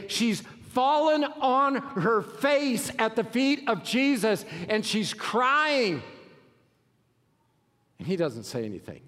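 A pastor preaching a sermon with a high voice that rings out through a large church hall with a long reverb tail. He climbs to shouted, emphatic passages, then drops into low, quiet asides.

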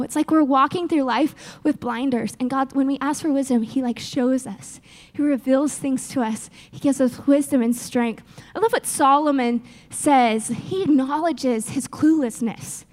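Young woman preacher, high-pitched and animated, speaking to a women's group. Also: unhurried. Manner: animated, acts out prayers and quotes with laughs. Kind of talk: sermon.

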